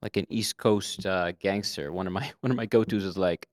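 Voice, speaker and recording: Low, animated male game master, a guest talking roleplay tips, dry close recording. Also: a little fast, no echo. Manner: animated, demonstrates voices. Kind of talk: casual advice chat.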